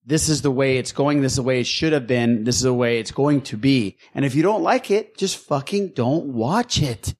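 A man's voice: mid-range voice, normal speed, hardly any pauses, darkish tone. A man co-hosting a fan podcast, ranting in a heated casual way, swearing and repeating himself for emphasis. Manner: fired-up, profane, repeats himself. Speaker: podcast co-host.

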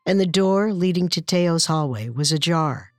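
A woman narrating a true-crime story in a measured, scripted way. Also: deep voice, lively intonation, no room sound, clean studio sound, soft background music.

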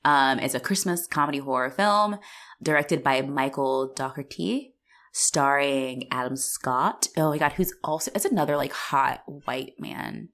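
A woman co-hosting a casual podcast chat, animated and laughing often, with lots of fillers. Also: very deep voice, unhurried. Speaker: podcast co-host.

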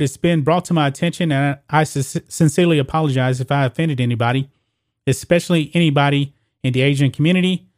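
Man, sports vlogger, opinionated casual commentary, talks to the viewers directly, reads news aloud with slips, medium pitch, dry close sound. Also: a little mellow, no echo. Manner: addresses viewers as guys and folks, reads news aloud with stumbles.

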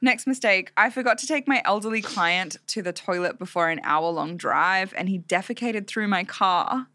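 A young woman co-hosting a podcast in casual chat, animated and swearing freely. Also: mid-range voice, moderate pace, no echo, studio quality. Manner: animated, swears freely, acts out quotes in exaggerated voices. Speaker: podcast co-host.

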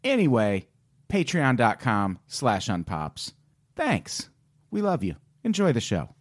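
A man's voice: mid-range voice, wildly swooping pitch, takes it slowly, no room sound, clean studio sound. A man hosting his own podcast, reading plugs wryly and introducing guests in casual banter. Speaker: podcast host.

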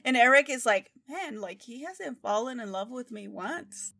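A young woman casually chatting about a book on a podcast, animated and laughing as she quotes characters. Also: a little high, normal speed, vocal fry. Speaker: podcast co-host.

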